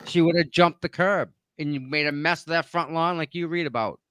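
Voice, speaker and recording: A man's voice: on the high side, steady tone, brisk, a bit bright, clear, resonant tone, no echo. A man with a Boston accent arguing his points emphatically in a livestream discussion, repeating himself for weight.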